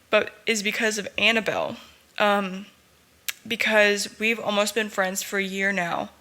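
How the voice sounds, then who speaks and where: Young woman, earnest podcast host, bright clear voice, heartfelt unscripted talk. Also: medium pitch. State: tearful at times. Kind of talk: candid solo podcast talk.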